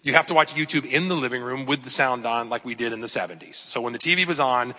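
A man's voice: mid-range voice, fast talker, sharp tone. A man in his fifties, a pastor giving a chatty, emphatic sermon full of personal stories and rhetorical questions. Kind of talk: conversational sermon. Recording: long hall reverb.

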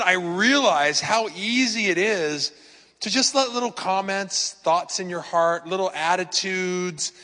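A man in his fifties preaches in a large church, his voice a touch high and bright. He talks to the room like a friend, leaning on stories and rhetorical questions. The sound rings with a long hall reverb. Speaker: pastor. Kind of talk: conversational sermon.

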